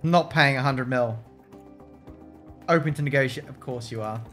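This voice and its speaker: With faint music in the background, a man gives casual gameplay commentary while streaming a racing management game. He speaks in a medium-pitched, slightly bright voice at normal speed, joking, swearing, and addressing his chat.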